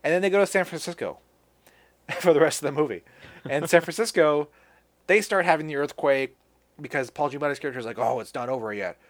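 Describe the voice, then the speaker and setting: A man's voice: on the high side, fast talker, pauses often. A man hosting a podcast, casually recapping a movie with lots of restarts and offhand swearing. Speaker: podcast host. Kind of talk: casual chat.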